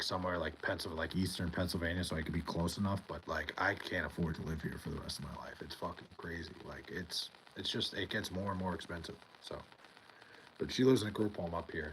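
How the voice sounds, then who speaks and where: A young man with a deep, low voice hosts a casual livestream from home. He rambles, swears freely and answers his chat by name. A faint hiss of noise sits under the recording. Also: fairly bright tone, rough recording. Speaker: livestream host reading chat. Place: home in New York.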